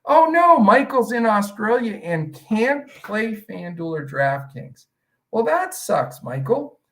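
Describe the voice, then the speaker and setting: A man's voice: high voice, big pitch swings, takes it slowly, fairly bright tone, far from the mic, poor audio. A man hosting a live stream, talking in a rambling, chatty way with many fillers. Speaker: host.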